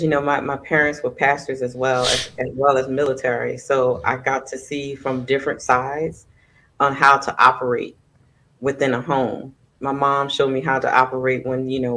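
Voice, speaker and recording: A woman from the Southern United States, a podcast guest talking in a soft, reflective way with many fillers. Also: rumbling low, slight background noise, rough recording. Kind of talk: casual conversation on a podcast.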